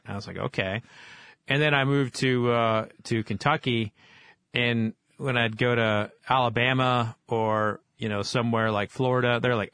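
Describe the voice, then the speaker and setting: A man from Oklahoma, a guest in an interview, telling stories in a casual, animated way with many fillers. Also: medium pitch, moderate pace, clear, resonant tone, no echo. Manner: animated storyteller, lively with fillers. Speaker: guest, whiskey author.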